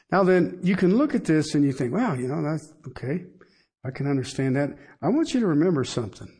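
A man's voice: a little high, darkish tone, slightly rough. A middle-aged man preaching a sermon in a conversational way, with asides and rhetorical questions to the congregation. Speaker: pastor.

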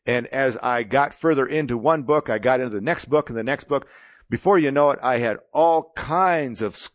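A man's voice: mid-range voice, no room sound. A man in his sixties preaching a sermon, telling his own testimony in a plain-spoken, storytelling way.

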